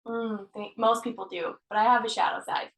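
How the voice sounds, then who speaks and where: A woman, a healer, talking as a podcast guest in an earnest, animated way, laughing often and swearing now and then. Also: a little high, a little fast. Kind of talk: casual conversation. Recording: roomy echo.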